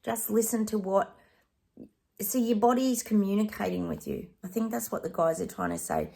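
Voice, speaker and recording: A woman's voice: medium pitch, sing-song, moderate pace, creaky, warm tone. A middle-aged woman, a psychic giving chatty readings straight to camera and calling her viewers guys. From Australia. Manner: chatty, addresses viewers as guys, sings snatches of songs. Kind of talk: casual direct-to-camera reading.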